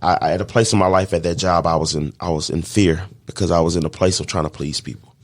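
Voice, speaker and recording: A man's voice: sits low, fairly even intonation, quick pace, no room sound, clean studio sound. A man, a catering business owner, telling his story in a casual podcast chat and acting out his own past thoughts.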